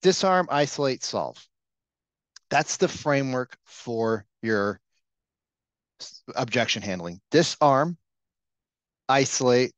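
A man's voice: medium pitch, animated, slow pace, pauses often, fairly bright tone, no room sound. A man leading a sales training session, talking casually and coaching the room with frequent questions. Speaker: real estate sales trainer. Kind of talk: live training session talk.

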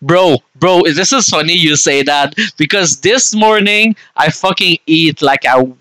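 A man's voice: a little high, a little slow, pushed and bright, dry recording, rough recording. A young man from Canada, chatting casually and swearing freely as he streams a game and answers his chat.

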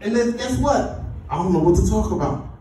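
Man preaching, high voice, call-and-response, booming echoey hall, faint ambience. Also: animated, a little fast, mellow, slight background noise. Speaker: pastor. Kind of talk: sermon. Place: church. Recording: echoey church from far off.

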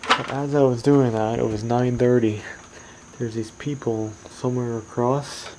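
A man's voice: mid-range voice, level tone, normal speed, noisy background. A man in a casual late-night vlog, rambling and complaining with muttered asides, filmed on a phone outdoors near a condo parking lot. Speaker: vlogger.

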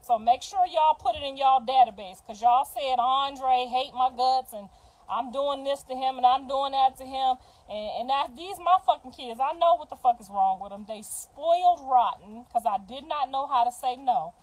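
A middle-aged mother on a livestream, telling stories casually in an animated, dramatic way with gasps. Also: high-pitched, normal speed, poor audio. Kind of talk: casual storytelling.

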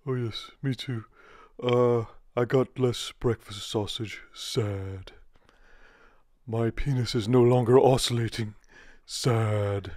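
Brief: woman playing a whiny prince, very low, slow drone. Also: fairly even intonation, darkish tone, no echo, studio quality. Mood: mopey. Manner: droning, self-pitying complaints. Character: mopey whining rich prince, adult man.

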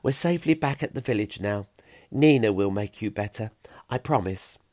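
A man voicing Fiona, a bright and bashful Stone Age girl who speaks softly but briskly. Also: fairly low pitch, animated, dry recording. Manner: soft and warm, briskly practical.

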